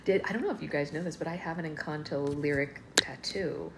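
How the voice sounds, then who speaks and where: A woman's voice: low voice, fairly quick, very noisy. Chatty woman hosting a livestream. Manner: chatty, reads viewer comments aloud, talks to her small child. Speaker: live book club host. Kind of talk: casual livestream chat.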